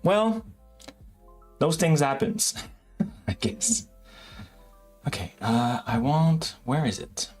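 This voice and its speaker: Slow, rambling male stream host. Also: fairly high pitch, very animated, darkish tone, soft background music. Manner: rambling, self-correcting, chatty with viewers. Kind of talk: casual live-stream chat.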